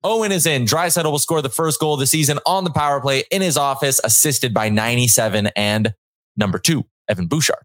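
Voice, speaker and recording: A man's voice: mid-range voice, a little fast, fairly bright tone, dry recording. Hyped male sports podcast host, dry studio. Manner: hyped, joking, reads chat comments aloud. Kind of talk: casual sports chat. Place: small studio.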